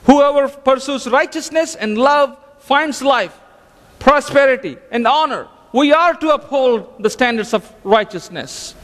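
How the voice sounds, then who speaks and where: A man's voice: very high-pitched, lively intonation, measured pace, a bit bright, big-room sound. A man preaching a sermon as pastor, emphatic, often restarting and repeating his phrases. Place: church sanctuary.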